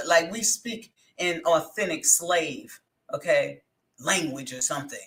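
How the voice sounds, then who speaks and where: A woman's voice: low voice, unhurried. A woman giving casual reaction commentary on a clip, blunt and opinionated, with chatty restarts.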